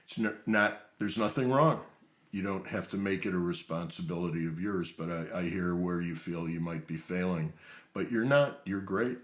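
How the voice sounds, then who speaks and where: Deep-voiced reassuring man presenter. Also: moderate pace, roomy sound. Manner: reassuring, calm. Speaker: workshop presenter. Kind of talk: role-play demonstration.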